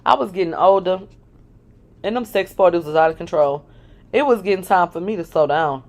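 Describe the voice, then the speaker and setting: A woman reads a first-person memoir aloud in a fairly low voice. She is frank, and she breaks in with dry, sarcastic asides. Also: a little fast, darkish tone. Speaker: reader of a memoir.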